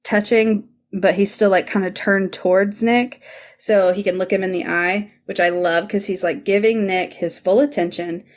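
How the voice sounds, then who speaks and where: A woman's voice: medium pitch, steady tone, moderate pace. Gushing woman recapping a show. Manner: enthusiastic, gushing, says "like" often. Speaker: podcast co-host. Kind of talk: casual episode recap.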